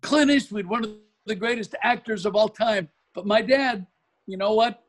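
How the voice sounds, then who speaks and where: An older man from Oregon tells a lively golf story as an interview guest, his voice sitting notably high for a man. He talks in an animated, storytelling way, building each anecdote. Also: normal speed. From Oregon, USA.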